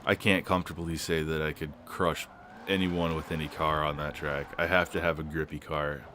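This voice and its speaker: A young man giving casual, rambling commentary while playing a racing game, swearing often and filling pauses with lots of ums. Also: rumbling low, level tone, pushed and bright, slight background noise. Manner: rambling, swears a lot, many fillers. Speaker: gaming channel host.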